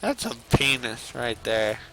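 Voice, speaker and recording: A man's voice: mid-range voice, very animated, a little slow, gravelly, pushed and bright, poor audio. A young man streaming a card game, rambling and swearing as he reacts to the plays. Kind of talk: casual gaming commentary.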